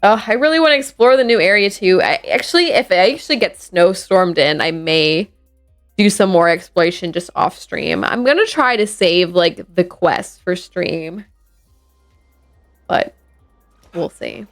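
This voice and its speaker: Over faint game music, a woman talks through her gameplay in a casual, drowsy ramble full of fillers and false starts. Her voice is fairly low and animated, and she takes her time.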